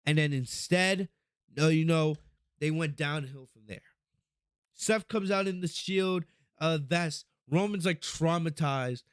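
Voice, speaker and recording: Excitable, profane podcast host, higher voice. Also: male voice, slow, smooth, no echo, studio quality. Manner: excitable, profane, rambling recap with frequent restarts. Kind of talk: casual wrestling review podcast.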